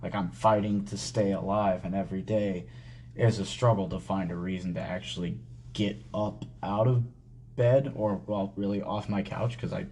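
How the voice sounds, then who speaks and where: A man hosting a podcast, telling a personal story in casual talk, halting and full of swearing and fillers. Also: low voice, fairly even intonation, warm tone, slight background noise. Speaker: podcast host.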